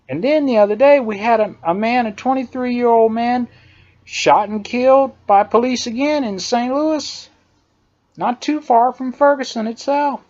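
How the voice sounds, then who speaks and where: A political commentator delivers an emphatic, indignant opinion monologue, hammering home his points by repeating phrases. His voice is very high-pitched and darkish in tone, and he speaks at a measured pace. The recording is dull and lo-fi.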